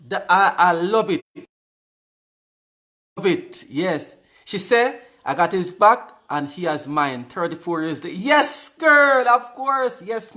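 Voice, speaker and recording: Chatty high-voiced Jamaican man live. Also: pushed and bright. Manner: chatty, repeats words, reads out comments, laughs. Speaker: live stream host. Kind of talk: casual live chat with viewers. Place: indoors on live video.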